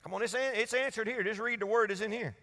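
A man preaching a Wednesday sermon, his high voice carrying over a congregation he calls on to answer him. His tone is bright and forceful, and a long reverb from the church hall trails each phrase. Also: fast. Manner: preaching to a congregation, call-and-response. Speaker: pastor.

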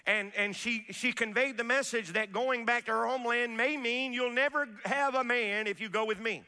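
Animated preacher man, bright and echoing. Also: very high-pitched, moderate pace, hardly any pauses, smooth. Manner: animated preaching with folksy asides and call-outs to the congregation. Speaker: pastor. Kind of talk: sermon.

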